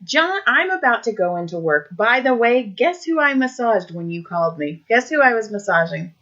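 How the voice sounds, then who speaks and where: This woman co-hosts a casual chat show and tells her stories in an animated way, laughing and swearing as she goes. Her voice is bright and forceful, and it comes through a dull, lo-fi recording. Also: on the high side, moderate pace. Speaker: podcast co-host.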